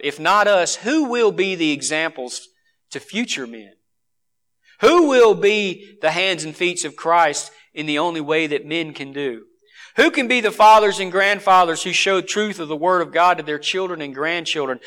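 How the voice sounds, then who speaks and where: Man, preacher, sermon, high voice, bright ringing tone. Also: expressive, normal speed. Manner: swings from forceful exhortation to hushed earnestness.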